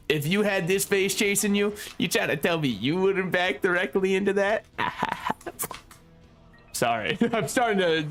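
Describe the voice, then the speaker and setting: A man's voice: a little high, fairly bright tone. A young man streaming a game, talking casually with a joking, sarcastic manner and frequent laughter. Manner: joking, sarcastic, laughs often, swears freely. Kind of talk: casual gameplay commentary. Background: faint game music.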